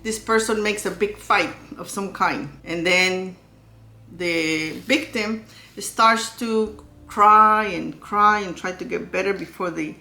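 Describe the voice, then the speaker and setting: A woman's voice: mid-range voice, takes it slowly, bright, forceful tone. A woman giving an informal spoken lesson on relationships in a candid, conversational way, often asking rhetorical questions. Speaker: relationship educator. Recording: echoey room with faint music.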